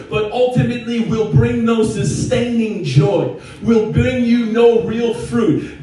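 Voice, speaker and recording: A man preaching a sermon as pastor in a church, impassioned and at times shouting with laughter. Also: high-pitched. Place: church sanctuary. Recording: echoey hall from far off. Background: congregation responding.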